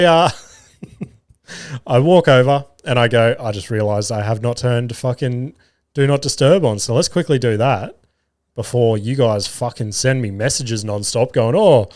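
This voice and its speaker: An Australian man hosting a podcast, telling a self-mocking story in a casual, animated way and swearing often. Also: mid-range voice. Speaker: podcast host. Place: home garage studio.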